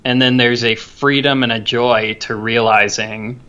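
A man's voice: mid-range voice, fairly even intonation, a little slow, hardly any pauses, sharp tone, clear, resonant tone. A man co-hosting a podcast, talking in an earnest, reflective way and often restarting his phrases. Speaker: podcast co-host. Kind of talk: casual podcast discussion.

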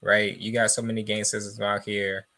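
A man co-hosting a podcast with measured, easygoing asides in casual banter. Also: fairly low pitch, flat delivery, pushed and bright. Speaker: podcast co-host.

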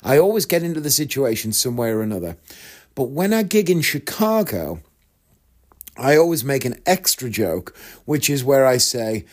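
A man's voice: medium pitch, sing-song, moderate pace. A chatty man tells a casual story in a mid-range voice. He is a magician and acts out his own punchlines with a dry, self-deprecating touch.

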